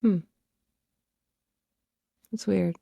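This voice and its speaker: Woman podcast host with a slow, relaxed delivery, asking questions casually. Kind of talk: casual remote interview.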